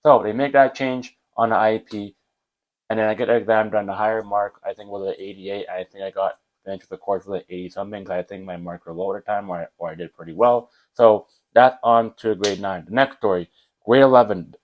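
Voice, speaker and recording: Young dude, lowish voice, talks fast, rambly storytime vlog. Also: male voice, low-quality recording. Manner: animated, rambling, with fillers like whatever and blah blah. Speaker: vlogger.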